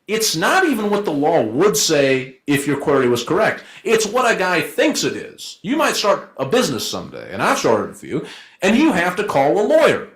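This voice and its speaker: A man arguing his side in a debate as a lawyer, in a joking and rhetorical way with quick asides. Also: fairly high pitch, fairly bright tone. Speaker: debater, law firm associate. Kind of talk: informal debate argument. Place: event room. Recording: echoey room.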